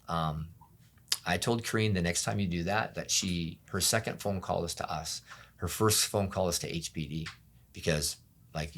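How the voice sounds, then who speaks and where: A middle-aged pastor telling his own story in an interview, candid and often quiet, acting out the voices of people around him. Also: sits low. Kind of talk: personal testimony interview.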